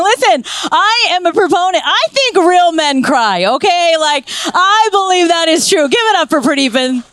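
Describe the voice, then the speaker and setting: Very high-voiced playful woman. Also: very animated, moderate pace, hardly any pauses, a bit bright, no room sound. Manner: playful and teasing. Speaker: co-speaker with her husband. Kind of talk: sermon banter.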